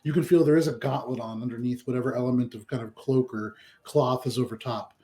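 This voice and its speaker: A dungeon master at a tabletop game describes a burning town, his voice at an ordinary middle pitch. He talks fast in a steady, mellow tone, narrating loosely with plenty of "ums" and "kind ofs."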